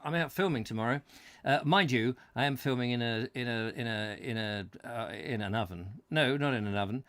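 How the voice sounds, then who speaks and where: A man's voice: mid-range voice, expressive, a little fast, fairly bright tone, dry recording. A man hosting a comic live-stream chat show, rambling and jokey, trailing off with fillers. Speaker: host.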